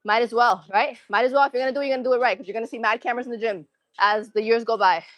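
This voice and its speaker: A woman's voice: on the high side, steady tone, rapid-fire, dry recording. Breathless young woman live-streaming from a gym. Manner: casual, chatty, counts reps and cues form between sets. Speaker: fitness streamer. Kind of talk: live gym stream chat and rep counting.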